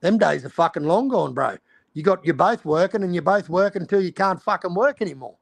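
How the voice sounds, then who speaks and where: Brief: Australian man, high and gravelly voice, ranting and swearing. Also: expressive, brisk, no room sound. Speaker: stream host. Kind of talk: casual chat.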